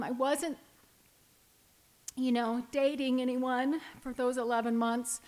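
A woman in her fifties speaks in a high voice as she tells her own story to a recovery meeting. She is candid and talks like a storyteller, often laughing her way through the emotional stretches. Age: 50s. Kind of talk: personal testimony talk.

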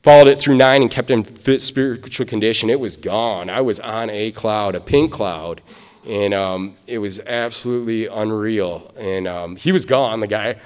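A man's voice: fairly low pitch, moderate pace, clear, resonant tone. A man from Michigan tells his recovery story at a meeting, rambling with lots of "you know" and "um". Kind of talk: personal testimony storytelling. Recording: echoey hall.

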